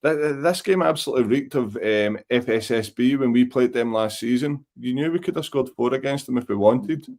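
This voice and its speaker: A man's voice: mid-range voice, brisk, hardly any pauses, a little mellow. A Scottish man hosting a football podcast, giving blunt, exasperated opinions in casual chat over a remote call. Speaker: podcast host. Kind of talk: live football reaction chat.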